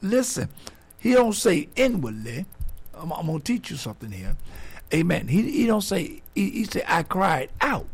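Brief: male preacher, gravelly and husky, slightly high voice, keeps saying "amen.". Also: very animated, normal speed. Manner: builds from low and quiet to loud and high, repeats "amen" constantly. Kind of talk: sermon.

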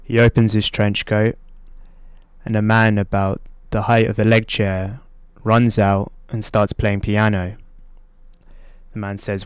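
A low-voiced man hosts a casual show and works through a joke with plenty of ums and pauses. His delivery stays level and even, and his voice is smooth and clean. The sound is dry and close. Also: no room sound. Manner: hesitant, full of ums and uhs. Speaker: radio-style show host.

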